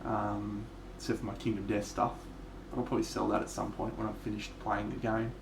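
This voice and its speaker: A man's voice: on the low side, level tone, a little fast, gravelly, background noise. A man with an Australian accent, chatting casually and swearing freely while streaming his miniature painting live. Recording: echoey room.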